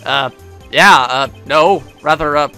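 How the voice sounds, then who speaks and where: A man's voice: on the high side, takes it slowly, bright, forceful tone, clean tone, soft background music. A man voicing a flustered young male lawyer who stammers nervously.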